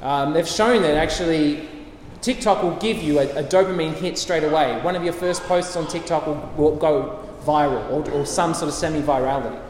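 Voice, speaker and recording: A man's voice: fairly high pitch, normal speed, a little mellow, slight background noise. A man preaching a sermon, emphatic and repetitive, with light chuckles. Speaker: pastor. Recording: echoey hall with faint ambience.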